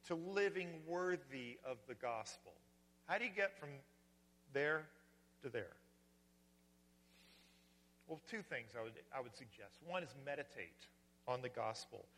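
A man's voice: a little high, bright, forceful tone. A man preaching a sermon as pastor, earnest and at times fervent. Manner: earnest, rising to fervent wonder. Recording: long hall reverb.

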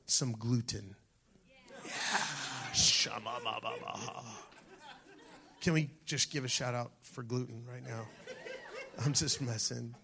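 A man's voice: mid-range voice, slow pace, vocal fry, a crowd in the background. A man preaching a sermon as pastor, calling out to the congregation and dropping at times to a near-whisper. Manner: animated preaching, shifting from shouts to near-whispers.

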